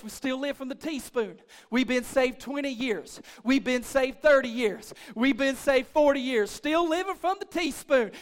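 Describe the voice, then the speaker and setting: High-voiced preaching pastor. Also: male voice. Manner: rising to shouted, rhythmic repetition. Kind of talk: preaching a sermon.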